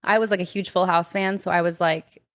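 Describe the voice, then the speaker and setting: A young woman talks on a podcast in a slightly low voice. She is chatty and tells her stories with animated energy. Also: brisk. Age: young adult. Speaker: podcast co-host. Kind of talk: casual chat.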